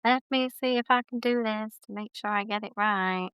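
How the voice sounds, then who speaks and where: A woman's voice: medium pitch, moderate pace, a bit bright, smooth, no echo. A woman hosting a casual late-night podcast chat from her bedroom, talking in a chatty, teasing, light-hearted way. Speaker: podcast host.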